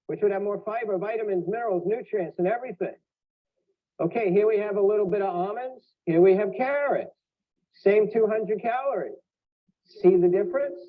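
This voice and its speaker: A man's voice: sits high, normal speed. A man giving a live health lecture with props, joking and asking the audience questions. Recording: tinny phone-like archive audio.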